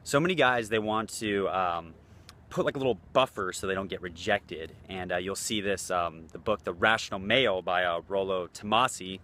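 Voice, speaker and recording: Blunt, low-voiced man coaching on dating. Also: moderate pace, sharp tone. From United States. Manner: loose and blunt, swears, acts out quotes. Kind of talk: casual talking-head vlog.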